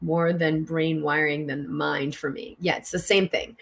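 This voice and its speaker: A middle-aged woman hosts a live-stream teaching talk. Her voice sits somewhat low, and she stresses her points with earnest conviction while answering viewer questions. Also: steady tone, normal speed, gravelly. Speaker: host and physician teaching tapping.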